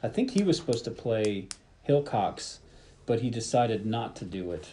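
A man hosting a casual film podcast, telling behind-the-scenes stories in a relaxed, rambling way. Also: fairly low pitch, normal speed, slight background noise. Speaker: podcast host. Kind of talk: casual chat about a film.

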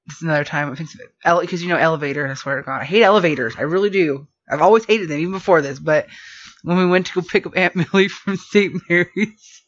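Fast-talking woman telling a story. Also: on the low side. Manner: animated, rambling, lots of fillers. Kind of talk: casual storytelling chat. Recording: dull lo-fi podcast audio.

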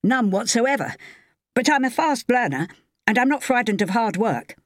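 A woman's voice: a little high, animated, normal speed, no echo, clean studio sound, pitched above the performer's own voice. A woman doing an eager, scruffy young man. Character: dishevelled breathless cheerful young man.

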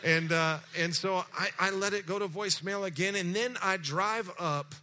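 A middle-aged man, a pastor preaching a sermon as a lively story, acting out dialogue and asking the congregation questions. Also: sits high, normal speed, slight background noise.

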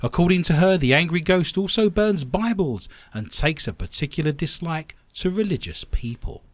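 A man's voice: a little high, sing-song, moderate pace, dry recording. Joking man hosting radio. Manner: joking, sarcastic asides, laughs often. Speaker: radio show host. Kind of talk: comic radio chat, reading news stories.

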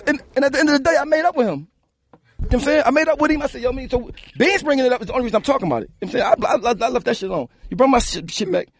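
Husky fast-talking Philly rapper, a man. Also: very high-pitched, no echo. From Philadelphia. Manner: animated, profane, keeps asking "you know what I'm saying". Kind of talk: casual interview storytelling.

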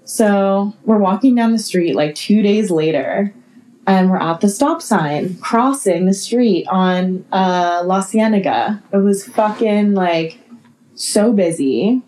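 A young woman tells a story to a friend in loose, casual chat. She swears freely and fills her sentences with "like," animated and quick to pile on detail. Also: mid-range voice, a little hiss or hum, low-quality recording. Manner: profane, animated, filler-heavy.

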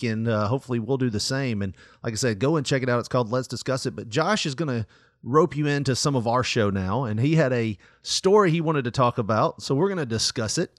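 A man's voice: mid-range voice, no echo. Rambling male podcast host, dry mic. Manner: loose, rambling, laughs often. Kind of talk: casual podcast chat.

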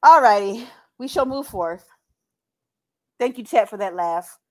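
A woman co-hosting a podcast in casual chat, giggly and animated, often breaking into exclamations. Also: mid-range voice, measured pace. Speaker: podcast co-host.

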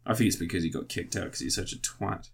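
A man's voice: low-pitched, fairly even intonation, quick pace, creaky, husky. A man, co-hosting a casual podcast chat, laughing often and swearing freely. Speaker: podcast co-host.

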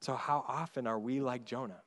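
With a mid-range voice, this pastor gives a heartfelt sermon, getting loud when he drives home the main ideas and easing into a quiet, slow delivery for the gentler passages.

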